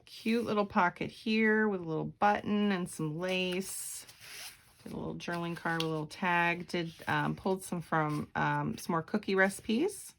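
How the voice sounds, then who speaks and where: A woman's voice: fairly low pitch, moderate pace, creaky, a bit bright, slight background noise. A woman showing a handmade journal on camera, chatty and meandering, with frequent ums and self-corrections. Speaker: craft vlogger. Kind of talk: casual craft flip-through.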